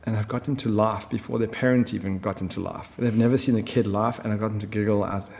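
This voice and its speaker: Gravelly low-voiced man in a reverberant room. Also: steady tone, quick pace, a little mellow. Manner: chatty storyteller, many fillers. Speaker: film director. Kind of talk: conversational interview.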